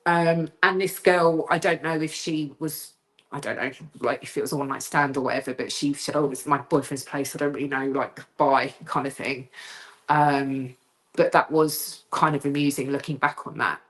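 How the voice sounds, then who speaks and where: A fairly low-pitched woman tells her story as a guest on a video call. She talks in bursts, with restarts, and acts out the people she quotes, climbing high when she recalls being terrified. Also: normal speed. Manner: lively storyteller who acts out quoted voices, rising high when frightened. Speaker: guest telling a haunting story. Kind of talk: animated storytelling interview.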